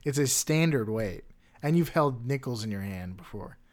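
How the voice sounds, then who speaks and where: A man's voice: medium pitch, lively intonation, normal speed. Meet a man in his element as a podcast host, rambling his way through a story with plenty of "like" and "just" filling the gaps. He slips in dry puns as he quizzes his co-host, in a voice that sits squarely mid-range for a guy. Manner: loose storytelling with many "like" fillers, dry wordplay. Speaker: podcast co-host presenting facts and quiz. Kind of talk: casual chat.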